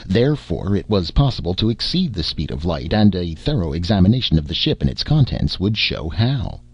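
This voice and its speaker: A man reads a science fiction story aloud with a deep, husky voice and lively, dramatic rise and fall. The recording is dry and dull, with a lo-fi sound. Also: brisk, no echo. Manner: dramatic, expressive reading. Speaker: narrator. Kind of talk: scripted story narration.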